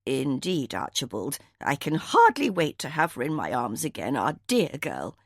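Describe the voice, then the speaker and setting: A woman's voice: a bass voice, big pitch swings, moderate pace, dry recording, clean studio sound, voice pushed down, full character voice. A woman voicing a proud elderly grandmother in an audiobook, speaking in a haughty, formal way. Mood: imperious. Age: older.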